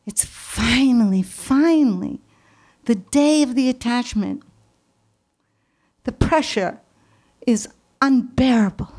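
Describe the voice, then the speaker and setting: Woman, New York accent, live storyteller, slow and deliberate, higher voice, dramatic repetitions. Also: darkish tone. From Brooklyn, New York.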